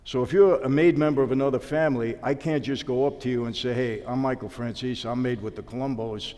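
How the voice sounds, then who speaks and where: A man tells a story in a sit-down interview and acts out each side of the conversation. His voice sits at an ordinary middle pitch. A long reverb trails after his words. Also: a little fast. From New York. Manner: animated storyteller acting out dialogue. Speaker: interview guest, former mobster.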